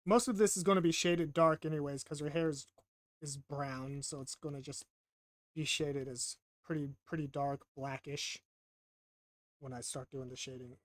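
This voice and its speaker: A man's voice: fairly high pitch, steady tone, normal speed, no echo. A man casually narrating while he draws, rambling and self-deprecating, often stammering and repeating himself. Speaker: art vlogger.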